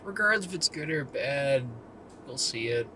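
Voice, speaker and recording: A man's voice: mid-range voice, expressive, normal speed, sharp tone, a little hiss or hum. A man co-hosting a casual movie review chat, playful and joking. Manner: joking, playful, drifts into sing-song bits.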